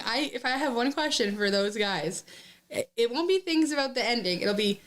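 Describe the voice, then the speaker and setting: A woman co-hosting a podcast in casual chat, skeptical and quick to joke. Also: fairly high pitch, animated, a bit bright. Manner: skeptical, joking. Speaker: podcast co-host.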